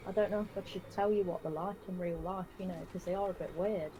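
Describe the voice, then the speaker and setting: A woman, telling a rambling, deadpan comic story on a live game stream, full of fillers. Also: fairly low pitch, fast talker, background noise.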